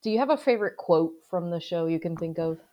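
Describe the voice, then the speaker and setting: A woman's voice: on the low side, lively intonation, fast talker, dark tone. A woman co-hosting a casual podcast chat, teasing and wrapping up the show. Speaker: co-host.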